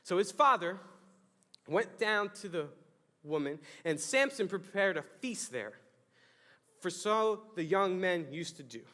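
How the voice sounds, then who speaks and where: A man's voice: sits high, sing-song, measured pace, pauses often, bright, forceful tone, in a large hall. A young adult man giving a youth sermon, telling the story with jokes and acted-out exclamations. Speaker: youth pastor. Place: church youth hall.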